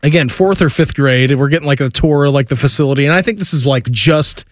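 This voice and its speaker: A man's voice: on the high side, fast talker, dry recording, studio quality. A man hosting a sports radio show, chatting casually and laughing through his stories.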